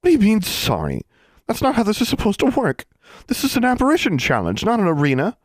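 Man doing a shrill, indignant teenage witch. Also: huge pitch swings, fast talker, no room sound, clean studio sound, heavily acted. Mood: outraged. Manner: high, outraged exclamations.

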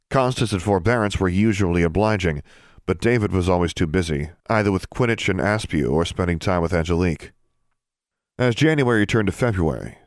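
A man reading an audiobook in steady, measured narration. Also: low voice, no echo, studio quality. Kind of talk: scripted narration.

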